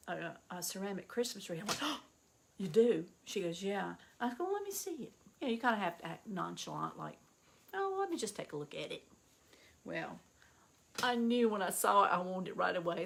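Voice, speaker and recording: Gravelly, bright-voiced woman. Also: slight background noise. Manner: excitable, chatty storyteller with bursts of high-pitched delight. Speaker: vlogger showing yard sale finds. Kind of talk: casual chatty vlog.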